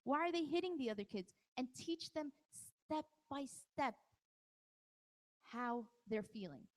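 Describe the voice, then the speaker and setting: A woman's voice: high voice, animated, unhurried, darkish tone. A woman presenting a parenting workshop to a live audience, talking conversationally and teasing people in the crowd by name. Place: large hall at a live event. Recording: long hall reverb.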